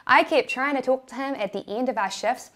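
A woman's voice: sits high, a little fast, a bit bright. A young woman with a New Zealand accent narrating a personal story with candid, self-deprecating humor.

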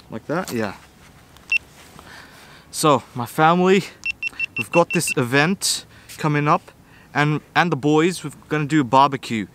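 A young man from Australia, vlogging casually while fishing outdoors on a sea wall, excitable and slangy, laughing often. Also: fairly high pitch, a little hiss or hum. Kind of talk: casual outdoor vlog commentary.

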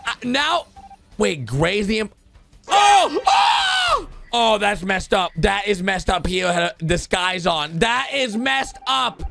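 Very high-voiced excitable man. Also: vocal fry. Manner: excitable, exclaiming, quick gasps and laughs. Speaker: YouTube host. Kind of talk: excited reaction commentary.

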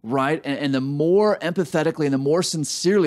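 A man's voice: on the high side, quick pace, few pauses. A man hosting a business podcast, chatting with a guest in an enthusiastic way and often repeating words. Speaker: podcast host. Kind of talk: casual interview chat.

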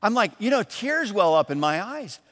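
A man from Michigan preaching a sermon as pastor, telling a story in a lively, animated way and acting out the voices in it. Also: high-pitched, normal speed, big-room sound. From Michigan, USA. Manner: storytelling, animated, acts out calls and quotes. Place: church.

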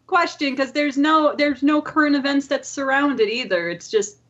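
A woman from Ireland co-hosting a podcast in casual chat, giggly and chatty with quick asides. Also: high voice, a bit bright, highs cut off. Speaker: podcast co-host.

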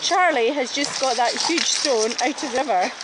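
A high-voiced woman speaking at a moderate pace films her dogs by a river in the woods on a handheld camera, keeping up an excited, cooing commentary and calling to them. She owns a dog daycare and is walking the dogs; the outdoor river audio is noisy.

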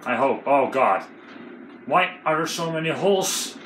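A young man doing let's play commentary, excitable, swearing and breaking into panicky outbursts. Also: on the high side, measured pace, a little hiss or hum. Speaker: gamer. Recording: roomy room with game music.

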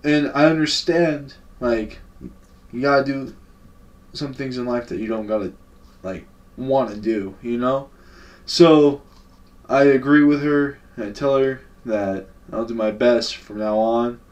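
A man's voice: medium pitch, unhurried. Laid-back, slangy young man, mic far off. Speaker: vlogger. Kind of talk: casual story time.

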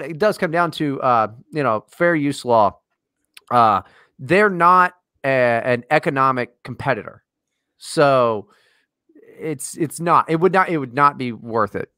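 A man's voice: mid-range voice, no echo, studio quality. A man co-hosting a podcast in casual chat, ranting and swearing with lots of energy. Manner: profane, ranting, animated. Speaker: podcast co-host.

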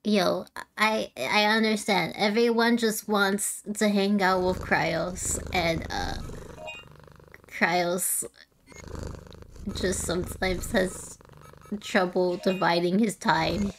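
Slow-talking giggly woman streamer. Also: medium pitch, steady tone, slight background noise. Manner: chatty and giggly, thinking aloud. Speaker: streamer playing a video game. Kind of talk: casual let's-play commentary.

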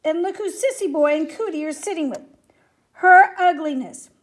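Lady doing a mean loud schoolboy bully for a storybook, sneery and booming, high voice. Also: brisk, lightly acted. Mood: taunting. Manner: booming, taunting.

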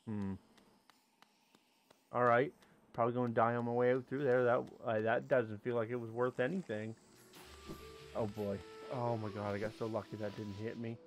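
A man's voice: mid-range voice, flat delivery, normal speed, long pauses, slight background noise. A man giving casual commentary as he plays a game, talking to the creatures on screen and breaking into sudden yelps and exclamations. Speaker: let's play host.

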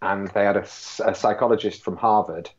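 A man's voice: fairly low pitch, steady tone, a little fast, highs cut off. A man working as a casting director, telling anecdotes in a chatty way with lots of fillers over a video call. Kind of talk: casual chat.

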